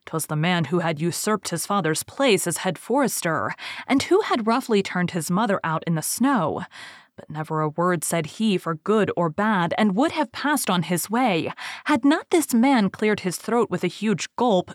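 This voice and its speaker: A woman reading a storybook aloud as audiobook narrator, in a measured, expressive way. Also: medium pitch, no room sound, studio quality.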